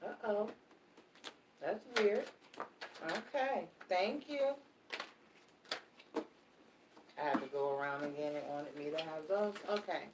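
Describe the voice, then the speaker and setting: Animated woman reading tarot, roomy echo. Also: sits low, slow pace, pauses often, far from the mic, background noise. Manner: animated, repetitive, swears casually, talks to the audience directly. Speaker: tarot reader.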